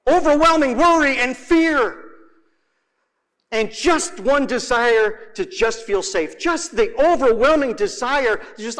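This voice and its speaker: A man's voice: very high voice, moderate pace, fairly bright tone. A man preaching a sermon in a dramatic way, repeating words for emphasis.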